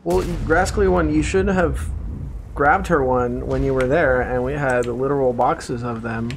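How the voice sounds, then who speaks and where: A man's voice: medium pitch, normal speed. A man streaming a tank game, chatting casually with a wry, self-deprecating grumble. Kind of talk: casual gaming chat. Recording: faint background noise.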